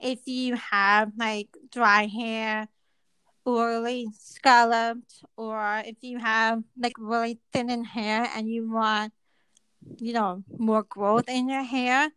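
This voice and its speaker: Slow, hesitant woman guest. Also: fairly high pitch, flat delivery, fairly bright tone, clear, resonant tone, dry recording, poor audio. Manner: slow, hesitant, many ums. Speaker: podcast guest. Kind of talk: casual chat.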